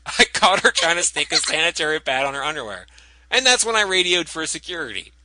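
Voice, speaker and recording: A man's voice: fairly high pitch, big pitch swings, brisk, pushed and bright, dry recording, full character voice, rough recording. A man voicing a gossipy small-town store clerk with an exaggerated Southern drawl. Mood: scandalized.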